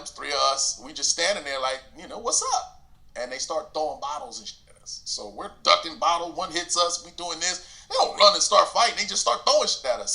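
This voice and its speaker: Man, casual storytelling, lively swooping pitch, bright tone, acts out quotes. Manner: animated, acts out quotes, laughs while telling. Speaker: guest telling a story.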